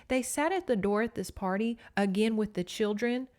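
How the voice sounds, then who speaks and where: A woman's voice: on the high side, moderate pace, hardly any pauses. A woman with a Southern US accent hosting a podcast, recapping a book in a chatty, sarcastic way full of asides. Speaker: podcast host.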